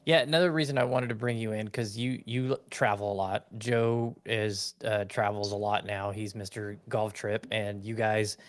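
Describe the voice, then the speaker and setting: A man's voice: lowish voice, steady tone, moderate pace, few pauses, no room sound. A man hosting a podcast in a casual, jokey chat, laughing along easily. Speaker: podcast host.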